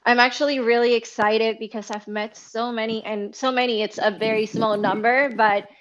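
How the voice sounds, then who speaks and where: A woman from Venezuela hosting a casual audio chat, speaking emotionally with halting restarts. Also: a little high, fairly even intonation. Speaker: host. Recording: dull lo-fi audio.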